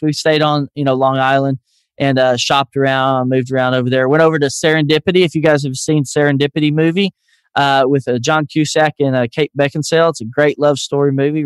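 A man's voice: fairly high pitch, clear, resonant tone, no room sound, studio quality. A man with a Southern US accent hosting a podcast, chatty and upbeat as he tells stories. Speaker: podcast host. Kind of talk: casual interview chat.

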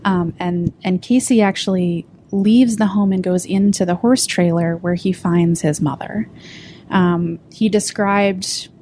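Measured woman recounting case details. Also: lowish voice, dark tone, slight background noise. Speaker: reporter. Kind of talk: podcast discussion.

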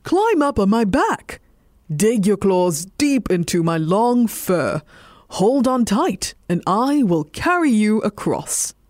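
A woman's voice: mid-range voice, very animated, slow, a little mellow, no echo. Storybook part: a woman playing a faithful male dog, raised and earnest, dry close read. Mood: reassuring. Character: loyal male dog, eager then gruff.

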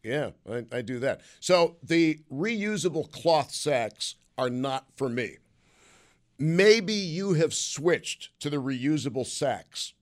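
Hoarse, hiccuping radio host; chatty, self-deprecating. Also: male voice, fairly high pitch, expressive, takes it slowly. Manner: chatty, self-mocking, wry. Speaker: radio talk show host. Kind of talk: call-in radio talk.

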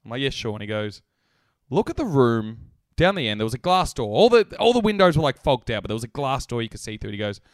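A young man telling a story as a podcast co-host, animated and laughing often. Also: mid-range voice, quick pace, dry recording, studio quality. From Australia. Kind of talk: casual storytelling chat.

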